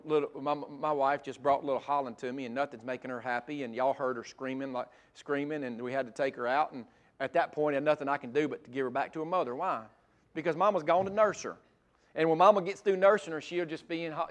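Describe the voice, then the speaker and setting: A high-voiced preacher man. He delivers a sermon in big swings, rising to loud emphatic lines and then dropping to hushed, gentle passages. He sounds middle-aged. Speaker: pastor.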